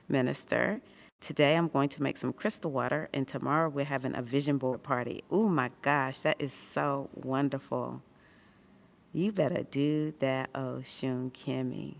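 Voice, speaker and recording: Streaming from a hospital room, an astrology livestream host with a son talks in an extremely low, gravelly voice. Her chat is casual, and she reads viewer comments while laughing frequently.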